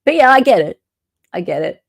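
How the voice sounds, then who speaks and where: A woman's voice: high voice, big pitch swings, brisk. An Australian woman hosting a casual livestream, chatting, reading court documents aloud and reacting to viewer comments. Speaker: host.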